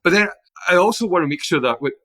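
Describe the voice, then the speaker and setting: Heard in a dry recording, this high-pitched, fast-talking middle-aged man from Scotland has a Glaswegian accent. He's a guest on a podcast, chatting casually and spinning lively anecdotes full of restarts.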